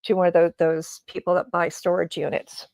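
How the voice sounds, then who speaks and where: A woman's voice: fairly low pitch, level tone, brisk, vocal fry, a little mellow, a little hiss or hum. A woman in casual chat, talking at length in a chatty way with some hesitations. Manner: chatty, talks at length about staying organized, some hesitations.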